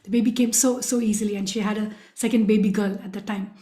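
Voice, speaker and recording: A woman's voice: mid-range voice, fairly even intonation, quick pace, dark tone. A woman giving an earnest devotional storytelling talk, speaking directly to her listeners. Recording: echoey room.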